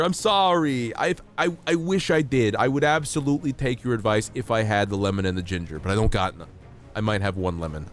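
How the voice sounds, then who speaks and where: A sick streamer man with a cold talks through a game in a playful, jokey way. His voice swings wide between high and low as he gets excited, and he coughs now and then. Soft music plays quietly behind him. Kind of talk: casual live-stream gameplay chat.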